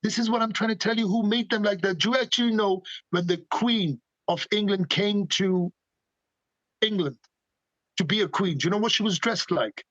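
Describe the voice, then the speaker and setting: A man's voice: high-pitched, moderate pace, fairly bright tone, dry recording, lo-fi sound. A man speaking passionately as a podcast guest, firing off emphatic rhetorical questions. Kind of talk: animated conversational opinions.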